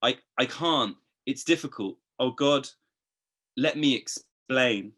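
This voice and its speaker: A man reading his poems aloud, expressive in the verse and hesitant and chatty between poems. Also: medium pitch, slow pace. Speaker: poet. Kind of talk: poetry reading.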